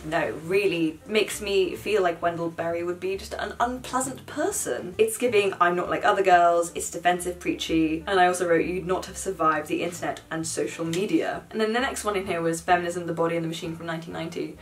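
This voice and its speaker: A young woman talking casually to camera about books, animated and blunt, with sarcastic asides. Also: fairly low pitch, a little fast, few pauses. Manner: chatty, animated, swears and mocks in quoted asides. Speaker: book vlogger. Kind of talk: casual chat.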